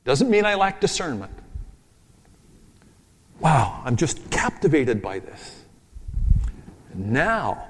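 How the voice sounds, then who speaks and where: A man preaching a sermon, emphatic and rhythmic, repeating key phrases and thinking aloud over his notes. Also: medium pitch. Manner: talks through his notes aloud, with asides. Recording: long reverb of a large hall.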